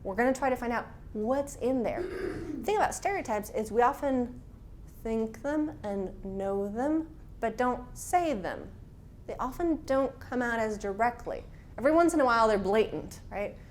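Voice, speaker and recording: A woman's voice: a little high, animated, unhurried, darkish tone, slight background noise. A woman instructor leading a class, talking frankly and casually, with personal stories. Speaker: workshop instructor.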